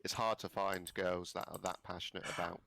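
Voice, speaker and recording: Gravelly low-voiced man, wry. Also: steady tone, fairly quick, sharp tone. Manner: laid-back, wry, laughs along. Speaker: gaming stream guest. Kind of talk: casual banter while playing.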